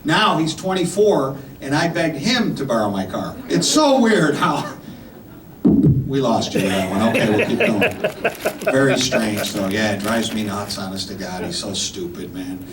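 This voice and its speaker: A man's voice: on the low side, big pitch swings, measured pace. Stand-up comic, man in his fifties, punchy rambling bits, recorded far off in a roomy club with audience noise. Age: 50s. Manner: punchy, rambling delivery with frequent "right?" and "man". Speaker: stand-up comedian. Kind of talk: stand-up comedy set. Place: comedy club stage. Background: audience laughter.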